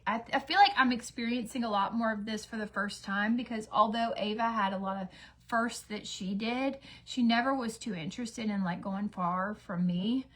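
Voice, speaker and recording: A woman's voice: fairly high pitch, normal speed. A woman in her thirties chatting casually at home while getting ready, rambling with fillers and acting out bits of dialogue. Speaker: beauty vlogger. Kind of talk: casual get-ready-with-me chat.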